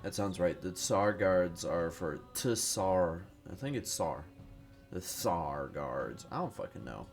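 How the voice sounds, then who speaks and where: Playing a strategy game, a tired man with no morning caffeine gives rambling, profane, self-deprecating commentary and fumbles for words. His voice sits low, with lively intonation, and he talks a little slowly with few pauses. Faint music plays behind him.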